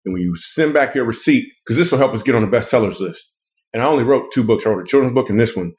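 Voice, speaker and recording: A man's voice: mid-range voice, fast, darkish tone. A man hosting a casual comedic chat, playful and rambling as he jokes with his co-hosts. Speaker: podcast host and author.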